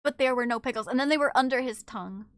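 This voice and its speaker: A woman's voice: a little high, fast, no echo, studio quality. A woman streamer chatting casually with her viewers, reading their messages aloud, playful and teasing and swearing freely.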